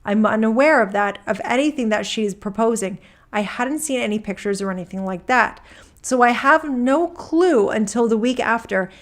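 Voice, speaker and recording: A woman's voice: on the high side, normal speed, lightly acted. A woman reading a court transcript aloud, voicing a male witness who rambles and restarts his sentences in casual talk. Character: rambling male witness giving deposition testimony.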